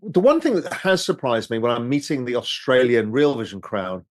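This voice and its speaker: A man's voice: medium pitch, sing-song, moderate pace, no echo. Rambling, candid man on a dry mic. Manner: rambling, candid, swears freely. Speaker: host reading viewer questions. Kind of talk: casual live-stream chat over drinks.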